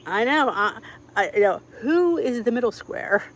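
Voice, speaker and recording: A woman's voice: fairly high pitch, sing-song, moderate pace, low-quality recording. Chatty Philadelphia woman hosting a live stream. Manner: chatty, greets viewers by name, many fillers. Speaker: cooking channel host. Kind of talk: casual live-stream chat.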